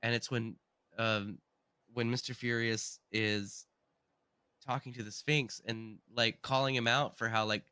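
Wry podcast guy, bright tense voice, super dry close sound, quick jokes. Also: mid-range voice, fairly even intonation, smooth, no room sound. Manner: dry quips, wry timekeeping asides. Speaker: podcast co-host. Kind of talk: casual film discussion.

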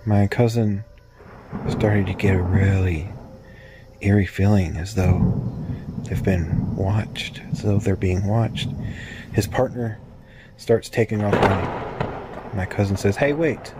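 A man slowly narrating a spooky true story, drawn out and hushed at moments. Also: lowish voice, steady tone, very noisy.

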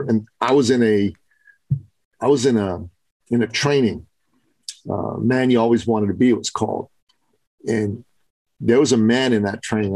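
A man's voice: lowish voice, creaky, darkish tone, no room sound, poor audio. A man telling a personal story in casual podcast chat, growing fervent and preachy. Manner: fervent, builds to preaching intensity.

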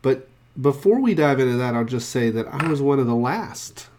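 A podcast host runs through the news in a casual show, chatty and a bit wry, especially about price hikes. His mid-range voice is expressive and moderately paced, over a noisy background.

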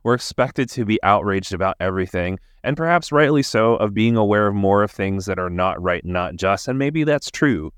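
A man's voice: lowish voice, animated, normal speed, hardly any pauses, clean tone, no echo, studio quality. A man hosting a podcast in casual conversation, starting and restarting his sentences. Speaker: podcast host.

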